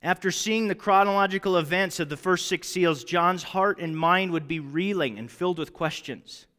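High-voiced man teaching a sermon. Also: normal speed. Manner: conversational, animated with checking questions. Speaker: Bible teacher. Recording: long hall reverb.

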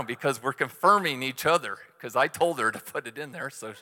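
A middle-aged man delivers a sermon in a relaxed, conversational storytelling way, poking fun at his own mistakes. His voice is bright and forceful. The recording carries the long reverb of a large hall. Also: mid-range voice, a little fast. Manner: conversational storytelling with self-deprecating humor. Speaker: church speaker.

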